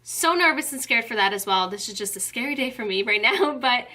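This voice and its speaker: A young woman with a high, bright voice chats casually to her camera as a vlogger. She sounds giggly and flustered and keeps exclaiming. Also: animated, fairly quick. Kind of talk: casual chat.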